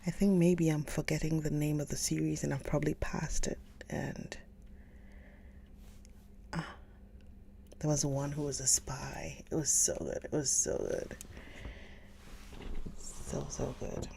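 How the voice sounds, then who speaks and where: A woman hosting a live stream, chatting casually with viewers, gushing over books and often slipping into a soft whisper. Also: low voice, steady tone, measured pace, vocal fry, pauses often. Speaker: livestream book reader host. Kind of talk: casual livestream chat.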